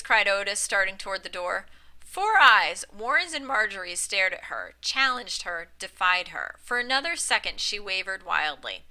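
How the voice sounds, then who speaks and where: A woman reads a classic short story aloud in a very bright, sharp-edged voice. She narrates at an even middle pitch, now and then stumbling and restarting a phrase, and lifts her tone for the quoted speech. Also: low-quality recording. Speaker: reader. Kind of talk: audiobook narration.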